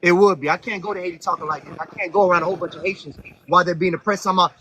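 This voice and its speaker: A man hosting a heated live-stream debate, talking aggressively, interrupting and ranting loudly. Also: high voice, rapid-fire, poor audio. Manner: aggressive, interrupting, loud rants. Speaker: host.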